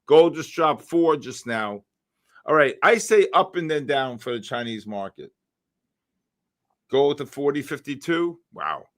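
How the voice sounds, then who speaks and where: This Bronx, New York man hosts a live trading stream in a brash, joking style, calling out viewers by name. His fairly high voice swings widely in pitch, sounding a bit bright and unhurried.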